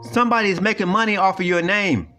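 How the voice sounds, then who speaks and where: A man's voice: high-pitched, fast talker, pushed and bright, soft background music. A man ranting in a video commentary, profane and repetitive as he lectures emphatically. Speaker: online commentator.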